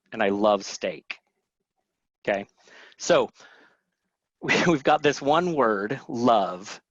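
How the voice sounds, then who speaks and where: A man's voice: medium pitch, no echo. Casual man teaching in a dry, muffled voice. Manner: conversational, many fillers and restarts. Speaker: webinar presenter. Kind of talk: casual teaching talk with audience questions.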